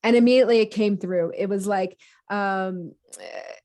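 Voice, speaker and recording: Podcast guest, woman, mid-pitch, animated storyteller who acts out what she was thinking. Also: normal speed. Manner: lively, acts out her own quoted thoughts; many fillers and restarts, laughs easily. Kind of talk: casual conversational storytelling.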